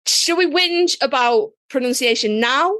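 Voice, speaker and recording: A woman's voice: sits high, lively intonation, unhurried, sharp tone, dry recording. A woman hosting a podcast in casual chat, blunt and joking, swearing freely. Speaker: podcast host.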